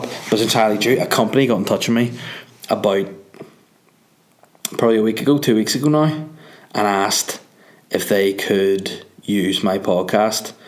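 Sleepy Northern Irish comedian rambling. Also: male voice, on the low side. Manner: rambling, joking, swearing freely. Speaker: comedian and podcast host. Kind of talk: casual monologue.

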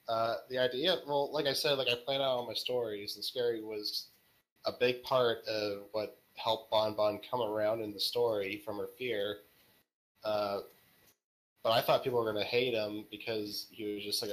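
A man's voice: on the low side, a bit bright, low-quality recording. Laid-back joking male podcast guest. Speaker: podcast guest, story author. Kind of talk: casual interview chat.

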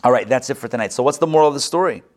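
A rabbi giving a live Torah class, animated, with joking asides and quick self-corrections. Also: male voice, mid-range voice.

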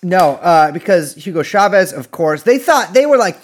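A man's voice: high voice, expressive, moderate pace. Rambling joking podcast guy. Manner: rambling, jokey, many restarts and profanity. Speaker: podcast co-host. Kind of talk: casual chat.

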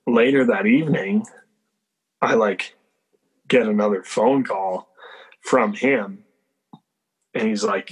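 A man's voice: on the low side, slow, long pauses, husky, poor audio. A young man telling a story in casual chat. He says "like" constantly and swears freely.

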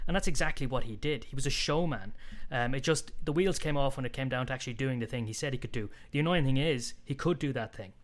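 Fast-talking man in casual sports chat. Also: mid-range voice. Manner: chatty, tells jokes with put-on voices. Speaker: podcast co-host.

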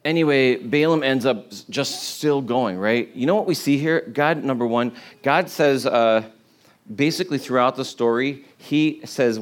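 A man's voice: medium pitch, moderate pace. A man preaching a sermon as casual storytelling, conversational and humorous, with many "like" and "you know" fillers.

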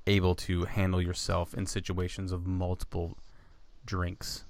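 A man's voice: low-pitched, monotone, unhurried. A man hosting a podcast, chatting casually with a joking, swearing manner. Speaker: podcast host. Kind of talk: casual chat.

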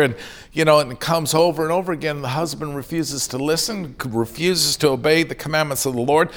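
A man's voice: on the high side, fairly quick, fairly bright tone. A middle-aged man preaching a sermon in an earnest way, now and then acting out the voices of people in his stories. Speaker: pastor.

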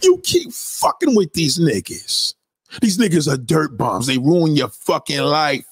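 A man delivering a profane, angry rant, repeating himself and sometimes shouting. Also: a little high, lively intonation, unhurried, slightly rough, no room sound, clean studio sound. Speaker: online commentator. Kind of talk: profane ranting monologue.

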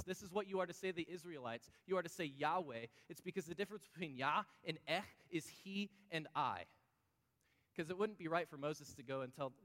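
A male pastor preaches with a slightly raised pitch, talking with the congregation and asking them questions. His voice rings out in a hall with long reverb. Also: a bit bright. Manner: conversational, asks the audience questions. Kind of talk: sermon.

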